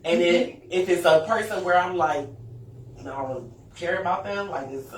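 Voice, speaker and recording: A woman's voice: on the low side, normal speed, a little hiss or hum. Confident profane woman, distant and echoey. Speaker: podcast co-host. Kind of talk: casual chat. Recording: echoey room, far from the mic.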